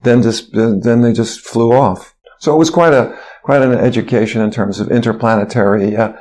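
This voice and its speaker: An older man, a physician guest in an interview, telling a long story in a lively way, sometimes singing and quoting others. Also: mid-range voice, normal speed. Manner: animated storyteller who sings and quotes others.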